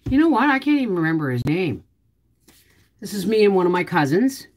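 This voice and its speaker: A middle-aged woman hosting a casual vlog, rambling to herself and her viewers while digging through old photos, with sudden loud, high exclamations. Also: big pitch swings, a little fast. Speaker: homestead vlogger.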